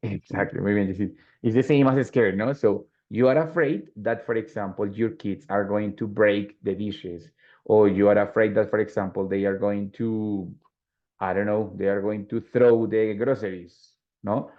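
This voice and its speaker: A man's voice: fairly low pitch, steady tone, moderate pace. A man with a Colombian Spanish accent teaching an English class, explaining patiently and slipping into Spanish. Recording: dull lo-fi audio.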